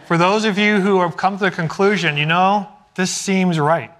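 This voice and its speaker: Brief: middle-aged male preacher, slightly higher voice, storytelling sermon delivery with acted-out quotes. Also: fairly even intonation, moderate pace, noisy background. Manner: storytelling, acts out quoted dialogue. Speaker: pastor.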